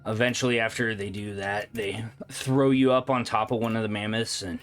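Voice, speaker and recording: A man's voice: on the low side, fairly even intonation, normal speed, hardly any pauses, clear, resonant tone, soft background music. A man narrating a tabletop game as dungeon master, talking casually with lots of fillers.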